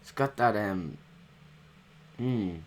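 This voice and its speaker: A man casually reacting to a rap track, excitable and swearing freely, often trailing off mid-thought. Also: fairly low pitch, slow, a little hiss or hum. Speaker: reaction video host.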